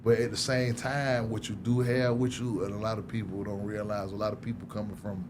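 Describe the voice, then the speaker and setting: Animated man telling stories. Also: a little fast, noisy background. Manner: animated, laughing, acts out quotes in higher voice. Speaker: interview guest. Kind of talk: candid conversational storytelling.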